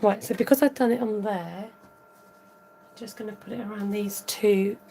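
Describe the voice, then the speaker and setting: A woman's voice: medium pitch, fairly even intonation, unhurried, warm tone, a little hiss or hum. A woman chatting casually and giggling as she demonstrates a papercraft tutorial at home. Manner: chatty, giggly, talks while working. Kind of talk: casual crafting tutorial chat.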